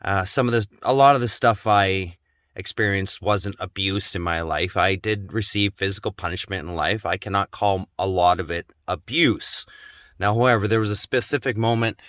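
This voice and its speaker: An adult man telling a personal story in an emotional, intense way, growing slow and quiet at its gravest. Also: low-pitched, no room sound. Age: adult, has children. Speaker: vlogger.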